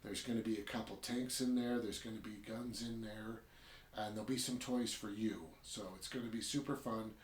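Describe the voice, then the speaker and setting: A man's voice: on the low side, fairly even intonation, normal speed, lightly acted. Bossy toy soldier quoted by a man, curt orders, cold, echoey room. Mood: commanding.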